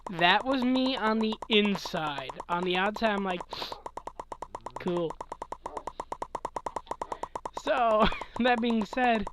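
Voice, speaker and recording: A man's voice: sits high, slow, hardly any pauses, background noise. A man in his twenties chatting casually late at night, sleepy and yawning, rambling with chuckles and trailing thoughts. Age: 20s. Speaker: gaming channel host answering questions.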